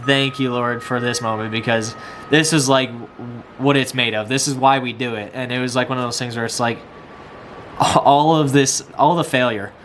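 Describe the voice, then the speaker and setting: Young male hunting vlogger from Iowa, breathless and excited, mid-pitch voice, outdoor camera audio with faint hiss. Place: outdoors in a field.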